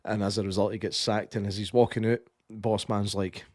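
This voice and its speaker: A man's voice: on the low side, level tone, a little fast, dry recording, studio quality. A Scottish man co-hosting a podcast, casually reviewing a film and retelling its scenes with lots of swearing and quoted lines. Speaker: podcast co-host.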